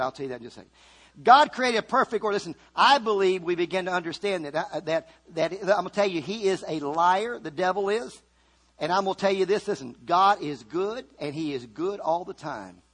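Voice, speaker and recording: A man preaching a sermon, fervent, swinging from loud calls to quiet asides. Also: high-pitched, expressive, brisk, husky.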